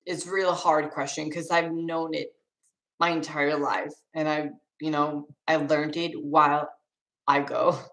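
A woman's voice: low voice, steady tone, a little slow, a bit bright, low-quality recording. A young woman with a Swedish accent, casually reading chat questions aloud on a live stream and answering them with restarts and laughs. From Sweden.

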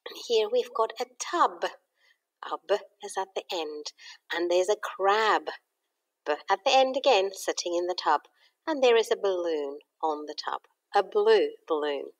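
Lively teacher woman sounding out letters. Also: medium pitch. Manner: slow, clear sounding out of letters for young children. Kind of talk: home learning phonics lesson.

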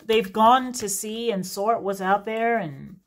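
A woman's voice: medium pitch, takes it slowly. A woman giving a casual, unscripted reading as a host, talking in a chatty, rambling way with frequent laughing digressions. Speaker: tarot reader.

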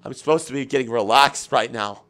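A man's voice: mid-range voice, brisk, a bit bright. A male streamer hosting a comedic meditation bit, sounding flustered and exasperated as he complains. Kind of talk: comedic live-stream chat.

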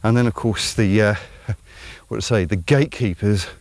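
A man's voice: lowish voice, moderate pace, darkish tone, dry recording. A man with an Estuary English accent hosting his own channel, talking through an opinionated commentary in a rambling, conversational way full of ums. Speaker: channel host.

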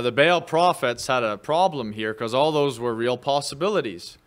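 Man, pastor, sermon, slow deliberate delivery, conversational with fillers, louder for scripture quotes. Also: medium pitch. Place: church.

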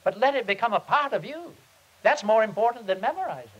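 A man, a pastor, teaching on prayer at a seminar and telling a story in an earnest, halting, unhurried way. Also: high-pitched, expressive, a bit bright, slightly rough, muffled recording. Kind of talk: sermon-style teaching with storytelling. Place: seminar meeting.

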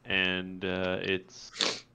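A man running a tabletop game as game master, narrating and ruling in a halting way with many restarts. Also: low voice, completely flat delivery, bright, forceful tone, clear, resonant tone. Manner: halting, full of restarts and fillers. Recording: dull lo-fi voice chat audio.

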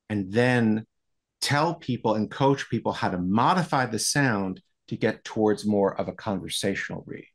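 An American man explaining voiceover coaching in a podcast interview, telling stories in a lively way. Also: on the low side.

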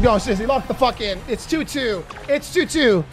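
A man doing live gameplay commentary, cursing and excitedly trash-talking his teammates. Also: very high voice, brisk, hardly any pauses, over music. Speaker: gaming YouTuber.

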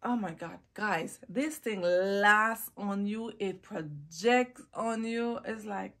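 A woman's voice: medium pitch, slow, few pauses. Gushing woman reviewing perfumes. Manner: animated, gushing, drawls words for emphasis. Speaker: fragrance vlogger. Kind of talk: casual haul review.

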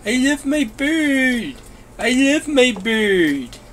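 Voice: high-pitched, big pitch swings, drawn-out words, a bit bright, slight background noise, heavily acted. A performer voicing a bossy, childish overseer figure who calls itself a bee, ordering builders about in whiny, broken-grammar comedy machinima lines. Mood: ecstatic. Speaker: boss directing the builders.

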